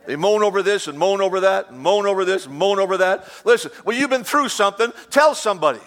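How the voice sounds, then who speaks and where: High-pitched guy preaching hard, repeats himself a lot, cracks jokes in between. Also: expressive, fast talker, fairly bright tone. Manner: emphatic preaching with repetition and humorous asides. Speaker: pastor. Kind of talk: sermon.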